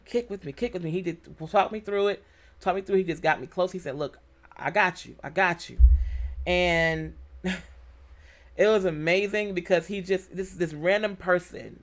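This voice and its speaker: A woman vlogger with a low-pitched voice tells a personal story casually. She is animated and emotional, and she acts out the quoted exchanges.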